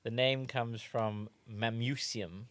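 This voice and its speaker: A man's voice: mid-range voice, steady tone, slow, fairly bright tone, dry recording. A man with a South African accent co-hosting a comedy podcast, laying out trivia with dry, wry asides. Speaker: podcast co-host. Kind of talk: casual comedy chat.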